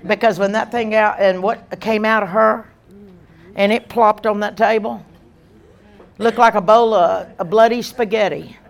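A woman evangelist, preaching an emphatic, animated sermon with repeated lines. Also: mid-range voice, unhurried, vocal fry, muffled recording.

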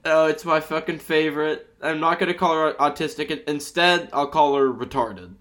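A man's voice: fairly high pitch, moderate pace, fairly bright tone. Rambling, crude young guy. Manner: crude, rambling storytelling with lots of fillers. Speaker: podcast host. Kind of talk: casual podcast chat.

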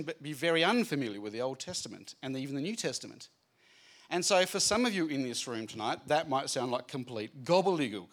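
A man giving a lively Bible talk to a live group, chatty and jokey, acting out the scenes as he goes. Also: medium pitch. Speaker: speaker at a student Bible training night. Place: room with a live audience.

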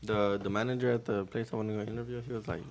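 Gravelly low-voiced man telling stories slangily. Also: fairly even intonation, racing, darkish tone, slight background noise. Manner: slangy, profane storytelling. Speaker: podcast co-host. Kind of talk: casual chat.

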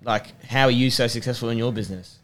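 Fast-talking young man. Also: medium pitch, fairly bright tone. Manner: emphatic, repetitive pep-talk delivery. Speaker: podcast guest, personal trainer and rugby player. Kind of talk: motivational casual chat.

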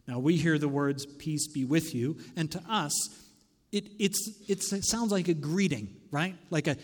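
A man preaching a sermon as pastor, swinging dramatically between loud declarations and hushed near-whispers. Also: a little high, measured pace, big-room sound. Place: church sanctuary.

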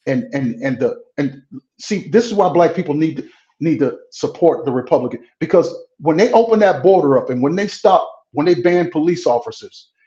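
A man's voice: fairly high pitch, expressive, normal speed, mellow, reverberant, muffled recording. A man, a pastor running for Congress, speaking frankly and bluntly in a political interview and often stumbling over fillers.

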